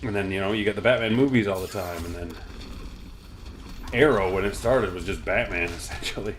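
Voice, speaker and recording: A man's voice: sits low, a little fast, a little hiss or hum. A man casually chatting and rambling about comics while reacting aloud to the video game he is playing. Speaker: gaming channel host.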